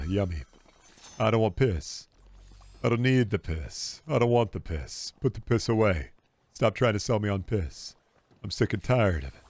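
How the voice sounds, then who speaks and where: A man streaming a game, chatting casually in a sarcastic, repetitive rant. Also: fairly low pitch.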